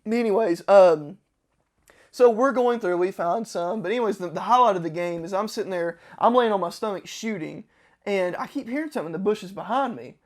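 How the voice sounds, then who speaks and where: A man, a podcast host, telling a long story casually and acting out the quotes with sudden shouts. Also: high-pitched, brisk. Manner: animated, acts out quotes with loud shouts.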